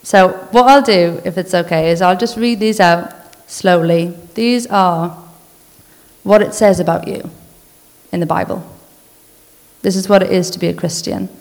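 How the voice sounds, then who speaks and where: A woman giving an informal church talk, speaking earnestly in a conversational way and then reading a list slowly and deliberately. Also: fairly low pitch. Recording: long hall reverb.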